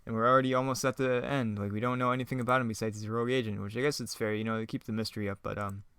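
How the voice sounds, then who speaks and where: A man riffs casually on his own old script, chuckling often and poking fun at it in a loose, rambling way. His mid-pitched voice is smooth and clear. The sound is close and dry. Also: steady tone, racing, a bit bright, no room sound. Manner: laughs often, rambling, self-mocking. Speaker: online video creator.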